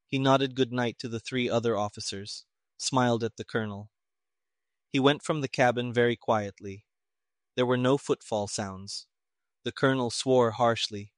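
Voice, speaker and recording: A man narrating an audiobook in a steady, plain manner. His voice sits at an ordinary pitch, neither high nor low. The recording is dry and close, with no room sound. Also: normal speed, no echo.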